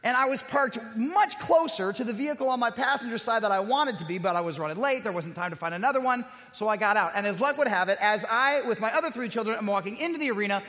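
A man preaches in a conversational way, weaving personal anecdotes and self-deprecating humor into his message. His voice sits unusually high and has a bright, forceful edge. The sound carries a long hall reverb. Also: lively intonation, quick pace, hardly any pauses. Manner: conversational, self-deprecating storytelling with rhetorical questions. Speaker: pastor. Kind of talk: sermon with personal stories.

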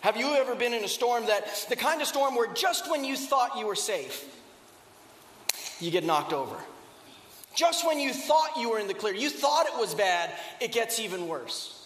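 A man preaches a sermon, retelling a story in an easy, conversational way and turning often to rhetorical questions. His voice sits very high. The recording carries the long reverb of a large church sanctuary. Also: sing-song, moderate pace, fairly bright tone, a little hiss or hum. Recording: echoey hall with long reverb.

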